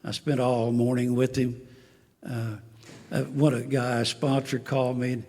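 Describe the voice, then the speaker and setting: In a large hall, a man in his seventies shares his life story with a recovery meeting audience, folksy and wry, laughing softly at his own jokes. His medium-pitched voice is unhurried and a little mellow, with little pitch movement.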